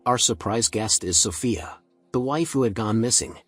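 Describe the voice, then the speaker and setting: A man's voice: on the low side, moderate pace, fairly bright tone, breathy edge, no echo, soft background music. Man playing a showy TV host. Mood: announcing. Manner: announcing, presenter-like. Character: showy TV talk-show host, adult man.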